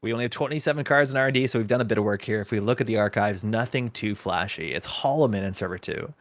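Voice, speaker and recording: A man's voice: on the low side, fast talker, dry recording. A man doing live play-by-play commentary on a card game tournament, breaking down each move analytically.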